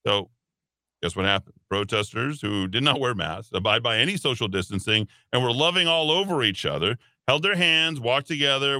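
A man hosting a talk radio show, giving opinionated commentary in an animated, sarcastic, rambling way. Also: medium pitch, no echo. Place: radio studio.

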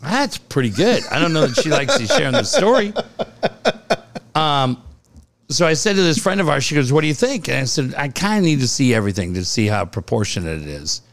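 A man's voice: mid-range voice, fairly quick. A man co-hosting a casual podcast, telling stories with lots of laughter and swearing. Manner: animated storytelling, laughs often, swears freely. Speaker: co-host.

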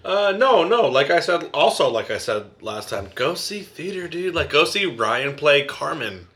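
A man's voice: fairly high pitch, sing-song, normal speed, a bit bright. A man who is a drummer, chatting as a guest on a podcast, joking around and bursting into laughter. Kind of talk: casual podcast chat.

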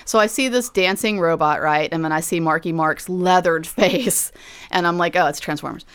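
A woman hosting a film podcast in casual chat, animated and rambling, with the odd swear. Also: lowish voice, moderate pace, smooth. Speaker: podcast host.

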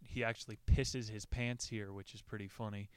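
A man with a smooth, clear voice retells a survival story in a loose, irreverent way. He jokes and swears freely, and his voice sounds close and dry. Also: on the low side, fairly even intonation, normal speed, dry recording. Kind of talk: casual retelling with quoted readings.

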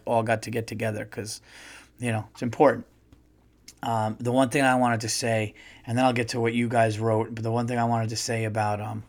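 A man hosting a podcast, telling a rambling, chatty story in a casual monologue and getting louder when he quotes people. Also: mid-range voice. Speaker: podcast host.

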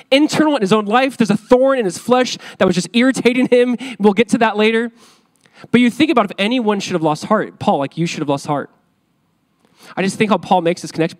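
A man in his thirties delivers a sermon as a pastor. His voice sits high for a man. He talks casually with lively energy and keeps returning to the same key phrases. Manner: conversational, animated preaching with repeated phrases.

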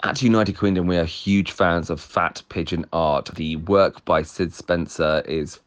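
A man's voice: low-pitched, fairly even intonation, slow, smooth. A man reading an upbeat sponsor ad on a podcast. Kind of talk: scripted ad read.

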